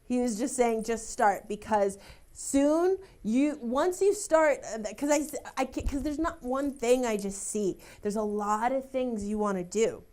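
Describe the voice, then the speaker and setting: A woman's voice: fairly high pitch, measured pace, a little mellow. A young woman working as a psychic medium, relaying messages emotionally, laughing and close to tears. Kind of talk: live TV psychic reading.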